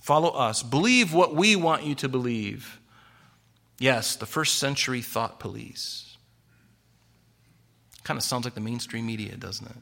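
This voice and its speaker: Man, sermon, rhetorical questions, bright and forceful tone. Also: mid-range voice, moderate pace. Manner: rhetorical questions, animated preaching. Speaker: pastor. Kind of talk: expository sermon.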